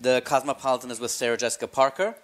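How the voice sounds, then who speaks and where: A man with a light South African accent talks quickly and easily at a mid pitch. He is upbeat and quick to joke, hosting a relaxed kitchen chat into a headset mic. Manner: jokey, upbeat, leads toasts. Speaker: host of a food magazine show.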